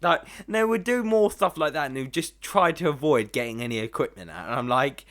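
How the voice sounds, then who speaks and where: Animated, lively young man ranting. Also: a little high, brisk. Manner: animated ranting, heavy swearing, laughs often. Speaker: reaction video host. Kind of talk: casual reaction commentary.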